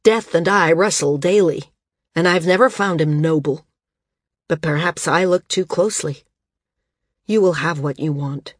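A woman voicing a grave, weary man who speaks in a quiet, sorrowful, measured way in an audiobook. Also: fairly low pitch, no echo, studio quality. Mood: hurt. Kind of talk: audiobook character reading.

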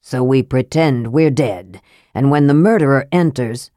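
A woman's voice: extremely low pitch, measured pace, dark tone, no room sound. Woman voicing a big male warrior, blunt, simple-hearted and eager, dry sound.

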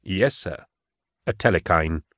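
A man's voice: low-pitched, slow pace, fairly bright tone, no echo, studio quality, full character voice. A man voicing a fussy, edgy young male interrogator who talks in a prim, jumpy, overly polite way in an audiobook.

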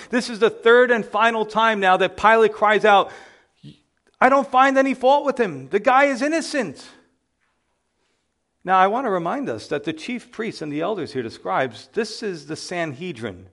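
Man, pastor, sermon, emphatic preaching, slightly high voice. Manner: preaching with rising, emphatic exclamations.

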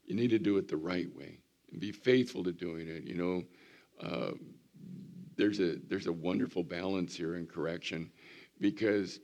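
Older pastor in his seventies, hoarse and gravelly, very low, folksy sermon delivery. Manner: folksy storytelling, animated when mimicking. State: hoarse, recovering voice after surgery.

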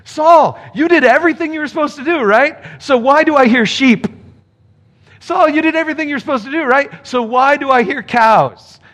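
A man's voice: extremely high pitch, moderate pace, a bit bright, pitched above the performer's own voice. A man voicing a stern prophet, questioning sarcastically and over and over. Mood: exasperated.

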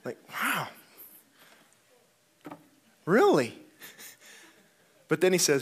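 A man preaching an impassioned sermon as a pastor, rising to loud outbursts and dropping to low, intense stretches. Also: big pitch swings, unhurried, long pauses, slightly rough.

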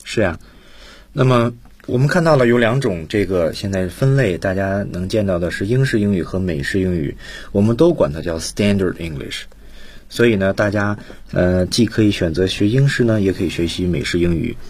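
A man's voice: deep voice, fairly quick, darkish tone, slightly rough. A man co-hosting a radio English lesson, patiently explaining vocabulary and stressing key phrases for students. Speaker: radio English teacher, co-host.

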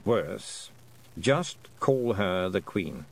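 A man's voice: lively intonation, extremely slow, full character voice. A man voicing a dry, knowing male talking toad who murmurs wry asides. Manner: low, confiding, wry. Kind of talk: audiobook character voice.

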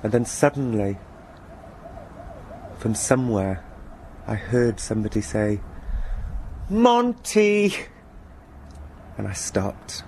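A man presenting a radio programme, telling a first-person story in a dry, deadpan way. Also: on the low side, a little slow, long pauses, slight background noise.

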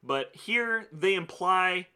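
A man in a casual movie-review chat, his voice slightly raised and crisp. His delivery stays dry and wry, with deadpan quips. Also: high voice, slow pace. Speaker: podcast co-host.

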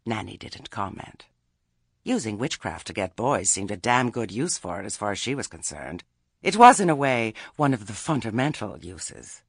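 A man's voice: fairly low pitch, big pitch swings, normal speed, slightly rough, no room sound, clean studio sound. A man reading a story aloud as narrator, with a wry telling. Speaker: audiobook narrator. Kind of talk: scripted narration.

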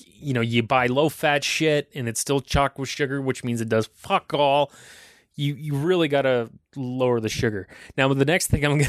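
A man's voice: medium pitch, dry recording, clean studio sound. A man in his thirties hosting a podcast, ranting in a rambling, profane and self-deprecating way. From Canada. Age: 30s. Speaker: podcast host. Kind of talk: casual solo podcast rant.

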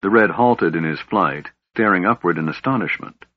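A man's voice: low-pitched, moderate pace, husky, dry recording. A man narrating a fantasy audiobook expressively. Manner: expressive storytelling. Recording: dull lo-fi audiobook recording.

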